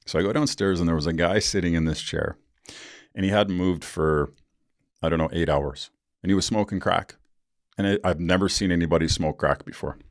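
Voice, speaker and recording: Gravelly deep-voiced man. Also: brisk, no echo, studio quality. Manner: blunt and profane, with rueful laughs. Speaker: podcast host. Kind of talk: candid personal storytelling.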